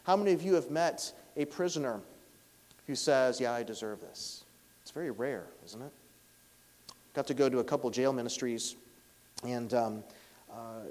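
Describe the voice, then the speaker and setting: Male pastor preaching, loud punches then going quiet, long echo off a big hall. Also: medium pitch. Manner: emphatic, swings between loud stresses and hushed lines. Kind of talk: sermon.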